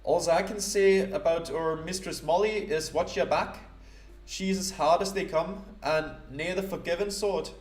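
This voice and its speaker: A man putting on a gruff Scottish female rogue. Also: on the low side, measured pace, darkish tone, pitched above the performer's own voice, close to an everyday voice. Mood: blunt. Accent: Scottish, parodied. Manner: gruff, slangy, boastful. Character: rough female Scottish jewel thief, cocky rogue. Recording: roomy echo.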